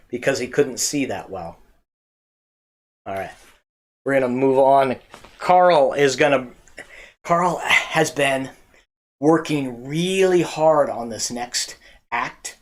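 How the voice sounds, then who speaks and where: A man hosting a church comedy night, telling corny jokes in a halting way with many fillers and restarts. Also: mid-range voice, lively intonation. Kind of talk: casual joke telling to camera.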